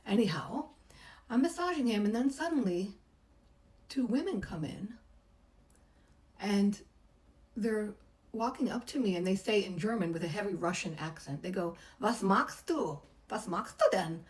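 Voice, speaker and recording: A woman's voice: mid-range voice, animated, moderate pace, pauses often, a little mellow, rough recording. A middle-aged woman, a massage therapist, chattily telling a personal story and acting out the voices she quotes. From United States.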